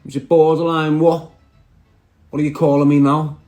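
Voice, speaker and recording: A man's voice: a little high, flat delivery, moderate pace, darkish tone, soft background music. A man, chatting brashly on a live stream and answering viewer comments. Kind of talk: casual live stream chat.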